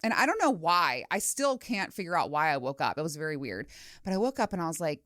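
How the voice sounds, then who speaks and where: Middle-aged woman podcast host, low-ish voice, dry close sound, chatty storyteller who swears and acts out asides. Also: big pitch swings, fast talker, fairly bright tone, no room sound. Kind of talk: casual solo podcast chat. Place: home studio.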